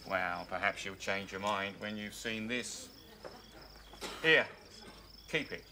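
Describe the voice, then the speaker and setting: An actor playing a brash, needling former work rival who is loud, gloating and overly chummy. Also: male voice, fairly low pitch, slow pace, slight background noise, heavily acted. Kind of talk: 1980s TV sitcom acting.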